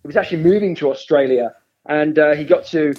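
A man's voice: a little high, quick pace, highs cut off. A man co-hosting a podcast over a remote call, telling a story animatedly and laughing as he goes. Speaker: podcast co-host. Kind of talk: casual storytelling chat.

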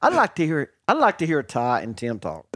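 A man's voice: a little high, huge pitch swings, normal speed, a bit bright, no echo. A man co-hosting a casual chat, dropping dry, wry quips. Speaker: podcast co-host.

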